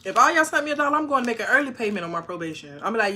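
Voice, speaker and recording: Bright-voiced woman chatting on a livestream. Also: on the high side, big pitch swings, rapid-fire, hardly any pauses, a little hiss or hum. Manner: reads viewer comments aloud and answers them; frank and talkative, with sudden loud bursts. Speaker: YouTuber answering live chat. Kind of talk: casual live-stream chat.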